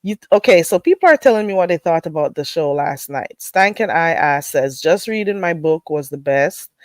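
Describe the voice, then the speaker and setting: This is a woman hosting a casual livestream while she gets sick. Her talk is lively and swings up and down, slipping into patois and salty language. The sound is close and dry. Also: low voice, moderate pace, no room sound. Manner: animated, swings into patois, swears freely, laughs often. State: getting sick. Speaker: livestream host.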